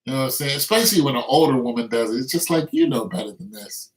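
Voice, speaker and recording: A man's voice: mid-range voice, animated, fast. Man in his fifties, boastful. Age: 50s. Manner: boastful, slang-heavy, laughing while telling. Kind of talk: casual storytelling. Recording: roomy, distant from the mic.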